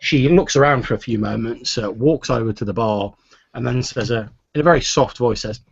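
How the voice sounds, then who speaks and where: Rambling game master, lo-fi. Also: male voice, mid-range voice, a little fast, vocal fry, breathy edge, no echo. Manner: rambling, filler-heavy narration. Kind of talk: narrating a tabletop game. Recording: dull lo-fi recording.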